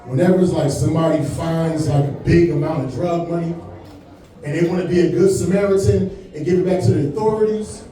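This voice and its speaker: A man's voice: on the high side, fairly even intonation, a little fast, dark tone. Laid-back man in his forties, echoey club. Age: 40s. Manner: laid-back, conversational delivery with frequent "man" and "you know what I'm saying". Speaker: stand-up comedian. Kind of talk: stand-up comedy set. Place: comedy club stage. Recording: echoey club sound from far off.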